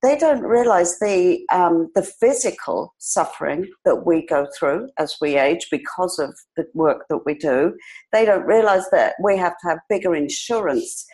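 Animated British woman in her sixties, low voice. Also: normal speed, poor audio. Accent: British with some New York twang. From Britain. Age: 60s. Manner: animated storyteller, acts out quoted voices, laughs often. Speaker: hair industry educator and guest. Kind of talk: casual podcast interview.

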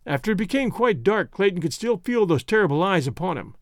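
A man narrating an adventure story in a measured, dramatic reading. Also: sits high, big pitch swings, no room sound, studio quality. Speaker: audiobook narrator. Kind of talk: scripted narration.

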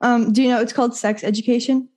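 Young woman podcast host, kinda high voice, giggly and chatty. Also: steady tone, quick pace, darkish tone. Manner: giggly, laughs often. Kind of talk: casual interview chat.

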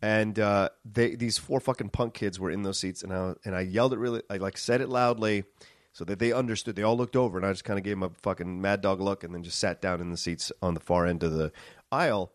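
Man, podcast host, animated storyteller, swears a lot, dry close sound. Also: sits low, fast talker, no echo. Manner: animated storyteller, swears freely, acts out quotes loudly.

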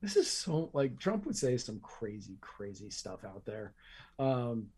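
Mellow-voiced earnest podcast man. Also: on the low side, big pitch swings, a little slow, slightly rough. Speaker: podcast co-host. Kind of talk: casual chat.

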